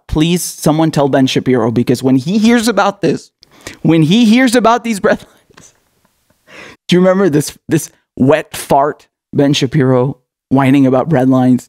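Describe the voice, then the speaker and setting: A man's voice: a little high, darkish tone, no room sound, clean studio sound. Mocking, sarcastic male political commentator. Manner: mocking, taunting, laughs often, rhetorical questions.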